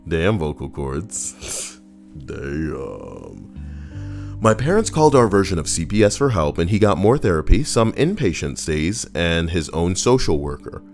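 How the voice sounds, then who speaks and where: A man's voice: sits low, big pitch swings, moderate pace, darkish tone, soft background music. A man streaming, chatting casually and joking as he reads viewer comments and a story aloud. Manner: joking and playful.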